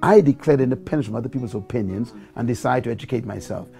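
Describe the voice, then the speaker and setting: A man's voice: mid-range voice, fast, vocal fry, dark tone, soft background music. A man from the Bahamas with a Bahamian accent, telling a life story as a talk-show guest and building to preacherly exhortation. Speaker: guest speaker.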